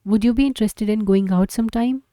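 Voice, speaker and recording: A woman voicing a nervous teenage boy who talks in halting, awkward phrases on a phone call. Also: fairly high pitch, warm tone, dry recording, studio quality, close to an everyday voice.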